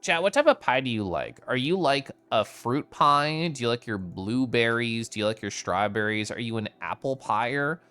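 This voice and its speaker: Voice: medium pitch, lively intonation, normal speed, hardly any pauses, a bit bright. Bubbly streamer with squealy "ooh"s. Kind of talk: casual live-stream commentary.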